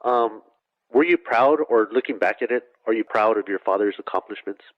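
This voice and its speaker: A male host asks his questions in a relaxed manner, padding them with fillers. His voice sits somewhat low. The recording is dry and dull, with a muffled lo-fi quality. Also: brisk, no echo. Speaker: interviewer, host. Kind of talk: interview questions.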